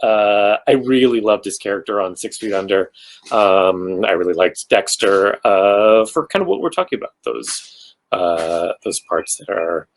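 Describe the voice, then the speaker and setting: Slow-talking, rambling, self-mocking man. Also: lowish voice, low-quality recording. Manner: rambling, self-mocking, jokey, many fillers. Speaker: actor answering fan questions. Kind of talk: casual virtual panel Q&A. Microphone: video call.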